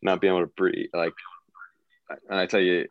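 A man's voice: sits low, flat delivery, normal speed, no echo, phone-quality sound. A man, a guest on an interview, telling stories in a laid-back, joking way. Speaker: guest recovering from a gunshot wound. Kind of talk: casual podcast interview storytelling.

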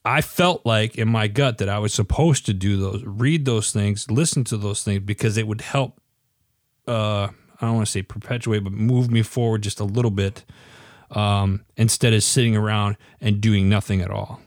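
A man's voice: lowish voice, steady tone, moderate pace, no room sound, studio quality. Earnest man pushing back in chat. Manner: earnest, rambling, pushes back. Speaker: podcast co-host. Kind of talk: casual chat.

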